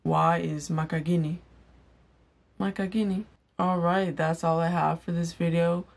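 A young woman giving a casual vlog language lesson, repeating each word slowly for learners. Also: lowish voice, little pitch movement, vocal fry. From Igbo household in Nigeria. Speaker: language teacher. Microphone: on-camera mic.

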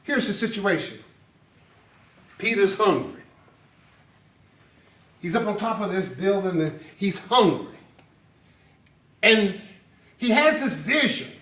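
Pastor, high lively voice, animated sermon, echoey sanctuary from a distant mic. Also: male voice, takes it slowly, long pauses. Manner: animated storytelling with laughter. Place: church sanctuary.

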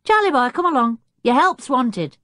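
A woman voicing a cheerful circus boy who is proud of his chimpanzee, talking in a bright, eager, chatty way. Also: sits high, big pitch swings, moderate pace, dry recording, studio quality, voice pushed up, exaggerated voice.

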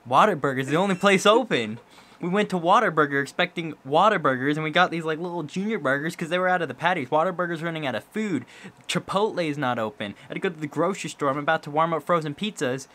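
A man's voice: fairly high pitch, fast, bright, forceful tone. A young man from Kansas chatting casually for his vlog, rambling and joking. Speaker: vlogger.

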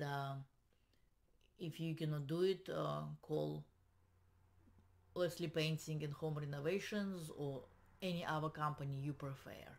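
A woman's voice: low voice, gravelly. A woman with a Russian accent, a realtor and YouTuber, giving chatty, practical advice on getting a house ready to sell, with a self-mocking humor. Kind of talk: casual home-selling advice vlog.

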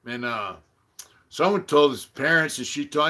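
Man, middle-aged, casual stream chat, profane storyteller, bright forceful voice. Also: fairly high pitch, lively intonation, unhurried. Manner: profane storytelling, quotes others with raised voice. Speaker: channel host.

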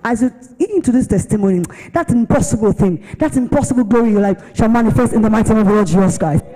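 A Nigerian woman pastor preaching, telling her story with lively, dramatic delivery. Her tone is mellow and dark. The sound rings out with a long church-hall reverb. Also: a little high, fast. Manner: animated storytelling, acts out other voices. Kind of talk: sermon with personal testimony.

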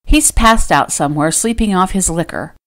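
A spirited young heroine in a storybook romance, spoken plainly and lightly lower-pitched, as the woman narrator voices her. She talks with a frank, steady earnestness. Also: normal speed. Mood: earnest.

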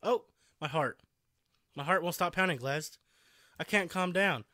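A man reading the lines of a shy, intense teenage schoolgirl, with small lifts in pitch. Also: a little slow, bright, forceful tone, dry recording, studio quality.

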